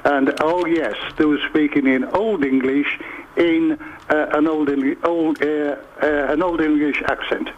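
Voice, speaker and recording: A man calling in to a radio show, talking haltingly with many fillers. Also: on the high side, fairly even intonation, lo-fi sound. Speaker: caller. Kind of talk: phone-in chat.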